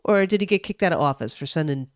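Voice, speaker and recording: A woman's voice: low voice, animated, fast, no echo. Chatty New Jersey woman streamer, dry close mic. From New Jersey, USA. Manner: chatty, swears freely, reacts to chat. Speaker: streamer reading the news. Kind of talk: casual live-stream chat.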